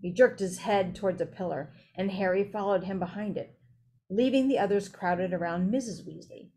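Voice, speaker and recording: A woman's voice: medium pitch, moderate pace, dark tone. A woman reading a novel aloud who breaks off now and then for casual, chatty asides. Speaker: reader.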